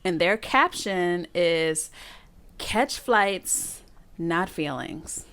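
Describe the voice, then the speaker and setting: A woman's voice: fairly low pitch, animated, very slow, a bit bright, clear, resonant tone. A woman co-hosting a podcast, ranting in a sassy, exasperated way in casual chat. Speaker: podcast co-host.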